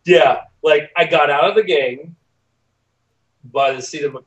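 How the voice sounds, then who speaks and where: A middle-aged man, a podcast guest, telling a personal story in a casual, animated way, acting out the voices he quotes. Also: fairly high pitch, measured pace, recorded from a distance, dull audio.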